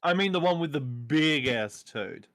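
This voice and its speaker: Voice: medium pitch, lively intonation, measured pace, fairly bright tone. A player chatting casually during a tabletop game session, playful and laughing often.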